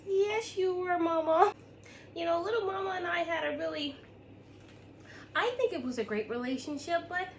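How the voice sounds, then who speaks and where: A woman playing a sweet, doting lady with a high-pitched voice who fussed over a dog. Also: fairly bright tone, a little hiss or hum.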